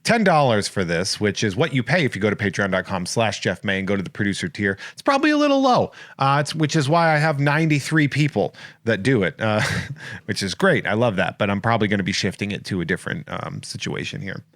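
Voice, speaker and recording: Jokey American podcast host. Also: male voice, on the low side, expressive, fairly quick, fairly bright tone, no echo, clean studio sound. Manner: jokey, rambling, self-mocking. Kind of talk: casual comedic chat.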